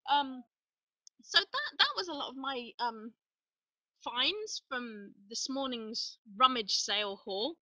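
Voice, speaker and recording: Bright, chatty woman host. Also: high-pitched, slow, dry recording, far from the mic, poor audio. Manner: chatty, excitable, rambling with restarts. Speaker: live show host. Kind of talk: casual live-stream chat.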